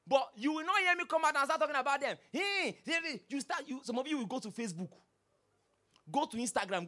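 Pastor, sermon, animated pitch, hushed-to-loud swings, rhetorical questions.

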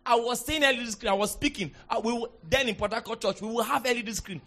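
A high-pitched Nigerian man preaching to a congregation. He swings from quiet asides to loud, fervent declarations. His delivery is lively and animated. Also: fast. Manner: animated, shifts from soft asides to shouted declarations. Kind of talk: sermon.

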